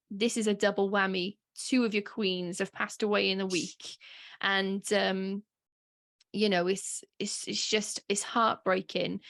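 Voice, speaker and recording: Chatty emotional woman podcast host. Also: medium pitch. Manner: chatty and emotional, with frequent fillers and laughs. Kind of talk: casual podcast chat.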